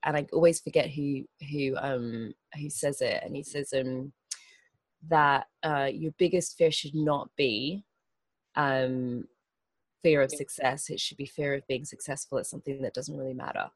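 A woman's voice: rumbling low, fairly even intonation, unhurried, slightly rough, no echo. A woman from the Turks and Caicos Islands with a mixed international accent, partly American and partly Australian, chatting as an interview guest. She is bubbly and theatrical and laughs often. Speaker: guest, event organizer. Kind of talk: casual interview chat.

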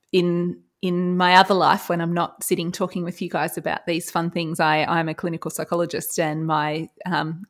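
Gravelly-voiced woman chatting animatedly. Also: on the low side. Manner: animated, laughs often. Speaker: podcast panelist. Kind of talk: casual chat.

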